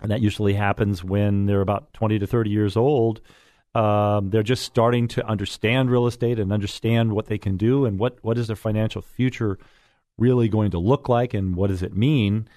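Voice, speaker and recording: A man's voice: fairly low pitch, fairly even intonation, normal speed, warm tone, dry recording, studio quality. A middle-aged man hosting a radio real estate show, chatting casually in a folksy way with many fillers. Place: radio studio.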